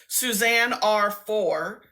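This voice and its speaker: A woman's voice: medium pitch, extremely slow, sharp tone. A woman hosting a live stream, chatting casually and rambling, laughing often.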